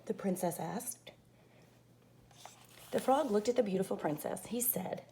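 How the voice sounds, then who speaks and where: A woman teacher reading a fairy-tale picture book aloud in an expressive way. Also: mid-range voice, a little slow, gravelly, long pauses, slight background noise. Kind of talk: storybook read-aloud.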